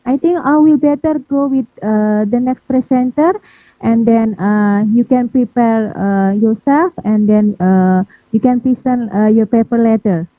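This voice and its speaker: A woman's voice: fairly high pitch, a little slow, no room sound. A woman moderating an online conference session, hesitant and politely apologetic, with many "uh" fillers. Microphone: video call. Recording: tinny, phone-like video call audio.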